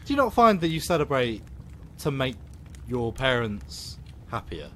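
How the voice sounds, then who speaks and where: Animated sarcastic British-sounding man host. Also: mid-range voice, unhurried, a little hiss or hum. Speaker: podcast host. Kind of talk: casual film review and chat.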